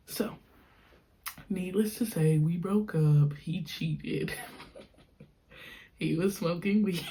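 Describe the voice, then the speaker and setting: A young woman hosting a podcast, telling a personal story in an animated, slangy, frank way. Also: medium pitch, slow, long pauses. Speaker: podcast host. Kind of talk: casual storytelling.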